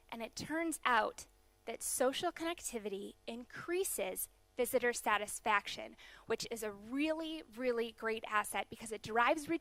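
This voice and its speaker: A young woman from the USA giving a conference keynote, explaining data in a brisk manner with some fillers. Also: fairly high pitch, bright, forceful tone, dry recording. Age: young adult. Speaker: keynote speaker. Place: large conference hall.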